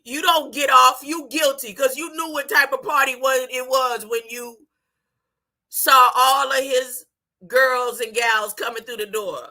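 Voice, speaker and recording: Excitable, laughing high-voiced woman preacher. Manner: excitable, laughing often, repeating phrases, asking "huh?". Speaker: online preacher. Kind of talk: animated live-stream talk about dreams and scripture.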